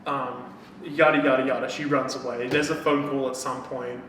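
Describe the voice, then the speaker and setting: A man co-hosting a podcast in casual chat, retelling a book's plot with lots of swearing and quick acted-out lines. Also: medium pitch, level tone, a bit bright, distant mic. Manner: swears a lot, acts out characters' lines. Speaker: podcast co-host. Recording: echoey room, off-mic, faint noise.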